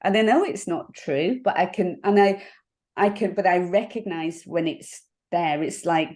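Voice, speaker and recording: A woman coach in a relaxed interview, thinking aloud in a reflective, halting way and breaking into laughs now and then. Her voice sits a little low for a woman. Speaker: NLP coach. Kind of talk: casual interview conversation.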